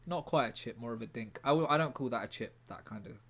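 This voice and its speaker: Guy livestreaming, rambly and deadpan, keeps cutting himself off to answer chat. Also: medium pitch, fast. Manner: rambling, deadpan, self-interrupting.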